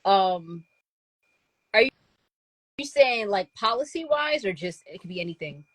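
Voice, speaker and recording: A woman co-hosting a podcast in casual chat, giggly and animated, often trailing off mid-thought. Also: medium pitch, measured pace, breathy edge.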